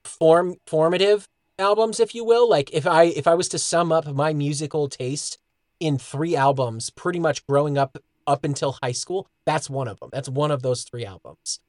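Relaxed, earnest man, dry close mic. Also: a little high, normal speed, no echo. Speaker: podcast co-host. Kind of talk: casual chat.

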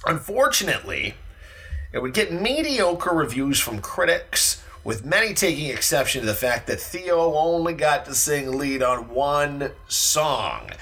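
Lively bright-voiced man chatting about music. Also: a little high, a little slow. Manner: animated, chatty, lots of fillers. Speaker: podcast co-host. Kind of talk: casual music podcast chat.

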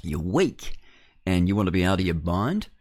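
A man's voice: deep voice, sing-song, moderate pace, a little mellow, no echo. A man hosting a talk radio show, blunt and scoffing, rambling through fillers. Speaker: radio host. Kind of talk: opinionated talk radio monologue.

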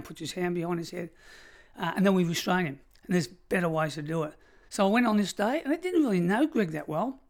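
Australian man, sixties, seasoned ex-prison officer guest, vivid emphatic storyteller. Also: high-pitched. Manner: vivid, emphatic storyteller who piles up short phrases. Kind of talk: storytelling in an interview.

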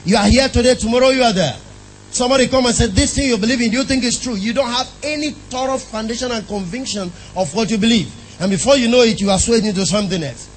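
Man, very high voice, preacher, emphatic sermon, questions to the congregation, faint noise behind. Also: fast, low-quality recording.

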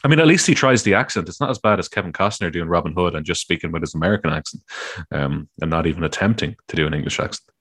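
A man with a low voice co-hosting a relaxed chat. He talks loosely and swears now and then. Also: racing, breathy edge. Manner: casual, swears, quotes film lines loudly. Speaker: co-host. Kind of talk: casual chat.

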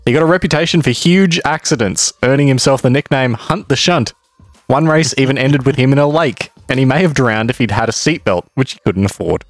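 A man's voice: medium pitch, brisk, no room sound, faint music behind. A young man telling a history story to his co-host in casual, playful chat, laughing easily. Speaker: podcast co-host.

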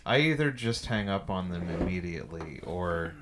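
A man's voice: deep voice, expressive, normal speed, background noise. A man co-hosting a casual comedy chat, sarcastic and mock-earnest.

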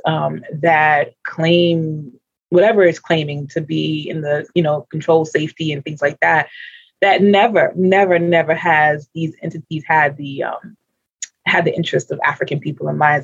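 An earnest panel speaker with a husky, breathy voice, thinking aloud and circling back to restart sentences. The recording is dry, close, and a bit muffled and lo-fi. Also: medium pitch, no echo. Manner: earnest, searching for words, frequent restarts. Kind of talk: unscripted panel discussion. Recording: dull lo-fi recording.

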